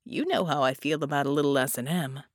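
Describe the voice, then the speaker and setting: A woman's voice: deep voice, quick pace, dry recording, clean studio sound, voice pushed down, close to an everyday voice. A woman voicing a sarcastic captive man who answers with flippant jokes. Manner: flippant, joking. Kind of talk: audiobook character voice.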